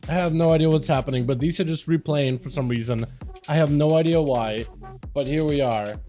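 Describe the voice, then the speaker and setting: A tired male game streamer chatting casually with his viewers, laughing often and breaking into excited outbursts. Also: fairly high pitch, brisk, faint music behind. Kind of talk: casual livestream chat.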